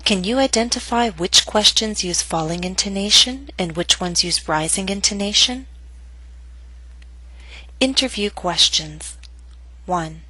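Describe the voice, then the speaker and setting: Woman teacher, bright husky voice. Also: medium pitch, animated, no echo, poor audio. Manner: slow, clearly enunciated model readings. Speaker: English pronunciation teacher. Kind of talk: scripted instructional narration.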